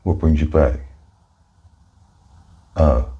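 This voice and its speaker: A man with a Cockney accent in a whispered role-play as a barber, soft-spoken and chatty, calling the listener mate. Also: rumbling low, extremely slow, breathy edge, dull audio. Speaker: barber in ASMR roleplay.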